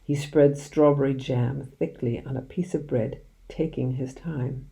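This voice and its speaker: Woman reading a storybook, very mellow. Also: very deep voice, steady tone, unhurried, vocal fry, few pauses. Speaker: audiobook reader. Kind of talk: storybook read-aloud narration.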